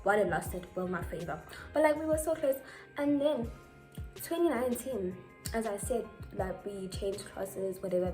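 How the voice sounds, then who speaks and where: A woman's voice: mid-range voice, a little mellow. A teenage girl telling a storytime, chatty and full of "like" fillers. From South Africa. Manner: chatty, filler-heavy retelling with lots of "like". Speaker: vlogger. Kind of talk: casual storytime.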